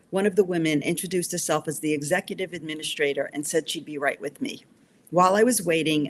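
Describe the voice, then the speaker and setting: A woman author reading her novel aloud in steady first-person narration. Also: low-pitched.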